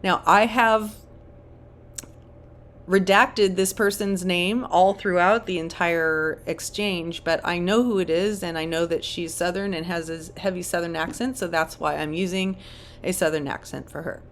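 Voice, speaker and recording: A woman's voice: on the low side, steady tone, measured pace. A woman hosting her channel, reading online comments aloud with dry, wry asides. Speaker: channel host.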